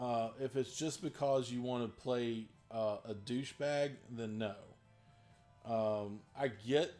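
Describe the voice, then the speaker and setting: Brief: easygoing tabletop game master with a faded West Virginia accent, chatty and meandering, full of fillers, mid-range voice, light music behind. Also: male voice, medium pitch, takes it slowly, darkish tone. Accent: faded Southern West Virginia. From Southern West Virginia. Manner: rambling, many fillers and restarts, easygoing. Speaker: dungeon master. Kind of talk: casual Q&A talk.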